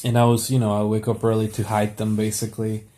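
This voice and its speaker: A man's voice: lowish voice, monotone, fast, dark tone. A young man talking casually to camera late at night, rambling with lots of fillers and restarts.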